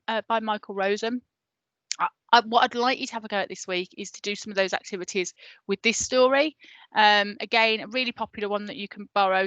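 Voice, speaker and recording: A primary school teacher giving a chatty, encouraging recorded lesson for parents. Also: female voice, medium pitch, a bit bright, no echo, highs cut off. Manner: chatty and encouraging, many fillers.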